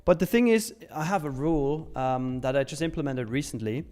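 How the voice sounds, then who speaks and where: A man's voice: a little high, animated, a little fast, darkish tone, soft background music. Chatty man hosting a live trading stream. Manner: chatty, reads viewer questions aloud and answers. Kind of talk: casual live market commentary.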